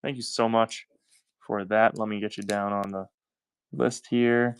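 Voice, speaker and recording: A man's voice: fairly low pitch, level tone, measured pace, clean tone. A man with a Southern US accent hosting a live-stream coin auction, talking in upbeat, chatty selling patter and thanking buyers by name.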